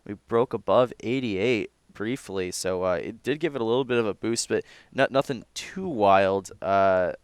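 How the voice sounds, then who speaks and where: A man's voice: lowish voice, normal speed, hardly any pauses, clean tone, no room sound. A man co-hosting a stock market show who talks hesitantly, full of fillers and restarts. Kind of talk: casual market talk.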